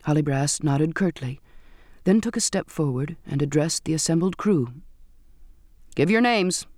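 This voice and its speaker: A man reads a first-person story aloud in a measured, steady way. His voice sits a little high, and the recording is dry and close with no room echo. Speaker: narrator.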